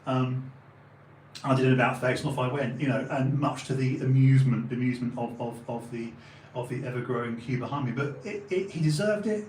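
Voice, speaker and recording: A man in his forties with an Essex and London accent tells a long story as a podcast host, loose and animated, swearing freely and acting out the people in it. His voice sits in a middle register. The room around him is roomy and echoing, with a faint hiss of noise underneath. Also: mid-range voice, brisk. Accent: Essex and London English. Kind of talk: casual anecdotal storytelling.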